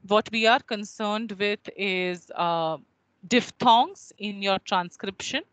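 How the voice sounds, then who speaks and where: A woman teaches over a video call at an unhurried pace. She repeats words carefully to model their pronunciation. Her voice sits at an ordinary pitch. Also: no room sound, poor audio. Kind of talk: online phonetics lecture.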